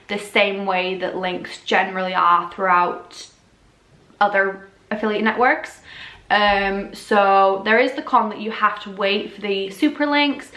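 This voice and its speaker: Girl chatting in a roomy echoey space, mid pitch, bit croaky, lots of ums. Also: fairly bright tone. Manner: chatty, frequent ums and self-corrections. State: slightly losing her voice. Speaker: fashion influencer. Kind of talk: casual explainer vlog. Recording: echoey room.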